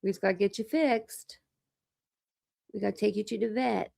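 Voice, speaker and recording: Speaking at a moderate pace in a medium-pitched, gravelly, slightly mellow voice, a true crime channel host rambles through a casual online chat. She laughs a lot while browsing videos and coos at and talks to her pets. The clean studio sound has no echo.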